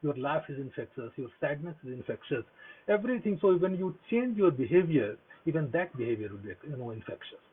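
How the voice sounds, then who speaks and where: A man's voice: on the high side, very animated, fairly quick. A man giving an earnest motivational talk on mindfulness, repeating himself with many fillers and restarts. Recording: husky voice over a tinny phone-like line.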